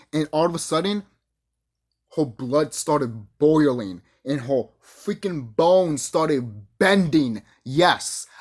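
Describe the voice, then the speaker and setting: Brief: mid-pitched vlogger, big lively swings in pitch, foul-mouthed boastful rant. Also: slightly rough. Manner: profane, boastful, acts out quoted voices. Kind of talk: ranting monologue.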